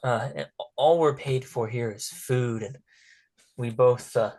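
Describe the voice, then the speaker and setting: A man putting on a timid teenage orphan girl. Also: mid-range voice. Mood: pleading. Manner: hesitant, halting and soft-spoken, often whispering.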